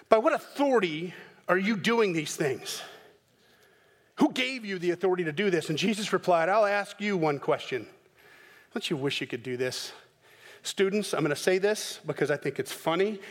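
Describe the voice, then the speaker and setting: Man, pastor, sermon, high-pitched voice, dramatic animated preaching, church sanctuary, long reverb tail. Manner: animated preaching, dramatic bursts when acting out scenes. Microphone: microphone.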